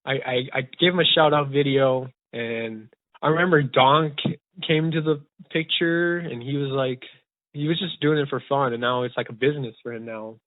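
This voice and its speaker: Young male podcast host, rambling and excited; dead, narrow phone-quality audio. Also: medium pitch, normal speed, no echo. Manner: rambling, eager, many restarts. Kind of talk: casual storytelling chat. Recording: tinny phone-like dry sound.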